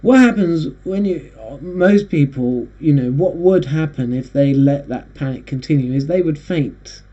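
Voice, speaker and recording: A man hosting a casual monologue, rambling and halting with frequent restarts. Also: on the high side, mellow. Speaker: host. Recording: dull lo-fi recording.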